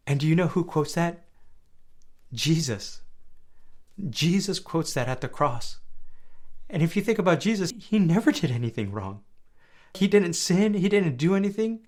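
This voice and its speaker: A young man hosting a faith podcast, talking earnestly and conversationally, dropping soft and low at times and then rising loud and high when stirred. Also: expressive, moderate pace, pauses often. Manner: earnest, conversational, often asks "right?". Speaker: podcast host. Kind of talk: faith-based personal podcast talk.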